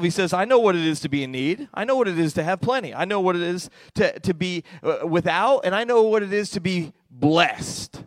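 A middle-aged man preaching a lively sermon as pastor, swinging between quiet, intimate stretches and loud, excited ones. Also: on the high side, no room sound.

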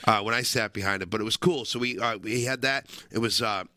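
A man's voice: lowish voice, fast talker, bright, forceful tone, no echo, clean studio sound. A man co-hosting a casual talk show, telling loose, rambling stories and swearing casually. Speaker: co-host. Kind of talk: casual chat.

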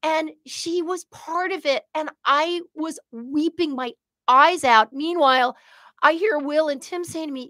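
A middle-aged woman co-hosting a casual chat, telling an emotional story in an animated way. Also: high-pitched, unhurried, no room sound, studio quality. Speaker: podcast co-host.

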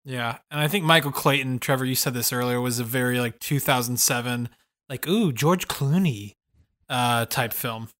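A man's voice: mid-range voice, steady tone, normal speed, bright, forceful tone, no echo. A man talking casually on a podcast, chatty and joking as he goes through his rankings. The recording is dry and close. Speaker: podcast co-host. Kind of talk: casual film discussion.

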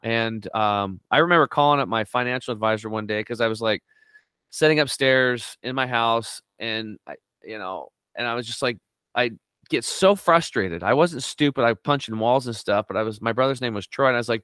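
A middle-aged man talks with restless energy, swinging up high whenever he acts out what someone said. His voice is smooth and resonant, captured dry and close with no room sound. He sounds like an eager guest telling his story in an interview. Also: a little fast, no room sound. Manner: animated storyteller, acts out quotes with big pitch jumps. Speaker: guest on a health talk show.

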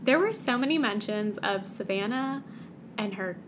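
A woman's voice: mid-range voice, expressive, moderate pace, a bit bright, a little hiss or hum. A woman co-hosting a podcast, making wry, dry jokes in a casual chat about a book. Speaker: podcast co-host.

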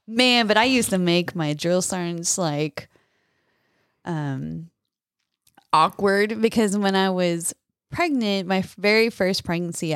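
A woman in her thirties telling stories in a casual podcast chat, animated and laughing often. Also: lowish voice, smooth, no echo, clean studio sound. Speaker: podcast co-host.

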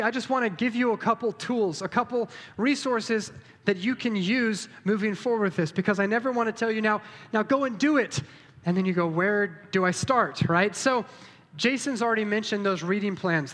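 A man preaching as a pastor in a church, casual and encouraging, speaking straight to his congregation before leading a prayer. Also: sits high. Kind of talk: sermon with closing prayer. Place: church sanctuary. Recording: reverberant church hall with soft music.

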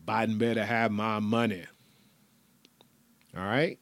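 Blunt, profane ranting man, low voice. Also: steady tone, a little slow, pauses often, no room sound. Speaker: podcast host. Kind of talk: solo podcast rant.

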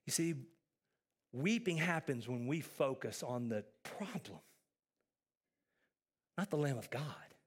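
A man preaching a sermon as pastor, building with emphatic repetition and then dropping to soft, intense tones. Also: mid-range voice, sing-song, slow pace, long pauses, husky.

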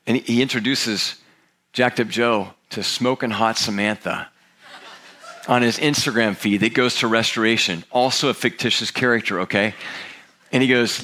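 In a church auditorium, a middle-aged pastor preaches a sermon at normal speed with a medium-pitched voice. He tells a story in an animated way, acting out the voices of the characters he quotes.

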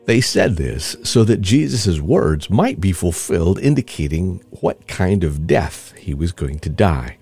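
Deep-voiced man reading scripture. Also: unhurried, hardly any pauses, slightly rough, soft background music. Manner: expressive, storytelling reading. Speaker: scripture reader.

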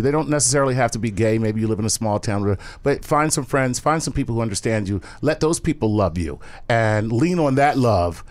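Guy hosting a comedy podcast, pitch jumps all over, laughs a lot then gets earnest. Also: fairly quick, hardly any pauses. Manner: animated, laughs often, turns earnest. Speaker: podcast host reading a listener letter. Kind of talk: casual comedy podcast chat.

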